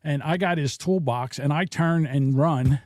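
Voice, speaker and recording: A man's voice: a little high, unhurried, a little mellow, dry recording, studio quality. A middle-aged man, co-hosting a casual podcast and telling jokey stories. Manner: storytelling, jokey. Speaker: podcast co-host. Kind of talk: casual chat.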